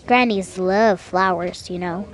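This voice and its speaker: A woman voicing a smooth-talking male wolf in a storybook reading, oily and falsely polite. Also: on the low side, a little slow. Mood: sly.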